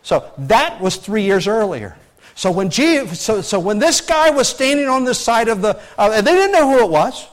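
A man preaching a sermon as pastor, animated and emphatic, with frequent restarts and loud peaks. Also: high voice, moderate pace.

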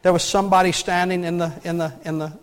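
High-voiced male pastor, folksy. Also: flat delivery, fast talker. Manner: folksy, asks the congregation rhetorical questions. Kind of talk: conversational sermon.

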